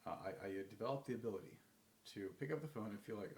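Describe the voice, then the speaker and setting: Gravelly man talking in an echoey room. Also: fairly low pitch, animated, quick pace, a little hiss or hum. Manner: rambling, many fillers and restarts, acts out phone calls. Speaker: vlogger giving advice. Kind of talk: casual talk to camera.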